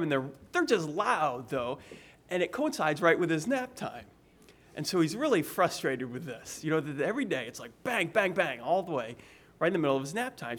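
Male preacher, sermon, fairly high voice, chatty delivery, restarts phrases. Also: a bit bright. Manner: conversational, repeats words when restarting phrases.

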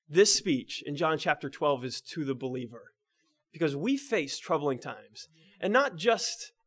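A man preaching a sermon in a conversational way, often checking in with the listeners and restarting phrases, moving between emphatic lines and quiet, low ones. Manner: restarts and repeats words mid-phrase.

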